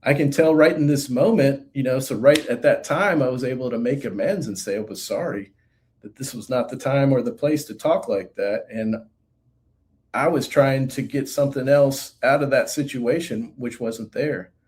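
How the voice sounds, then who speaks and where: Middle-aged man, mellow and warm-toned, earnest and halting testimony, lots of fillers. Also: medium pitch. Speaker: guest sharing recovery story. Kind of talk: reflective personal testimony.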